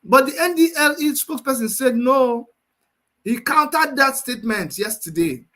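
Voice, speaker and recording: Nigerian male host, fiery livestream commentary, high-pitched, repeats lines for force. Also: lively intonation, moderate pace, pushed and bright. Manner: emphatic, repeats phrases for force.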